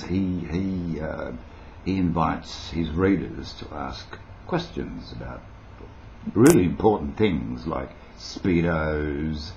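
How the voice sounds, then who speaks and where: Deep creaky older Australian man. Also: warm tone, highs cut off, slight background noise. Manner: rambling, playful, eccentric. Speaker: vlogger. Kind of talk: casual talk to webcam. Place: at home by his PC. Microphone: webcam.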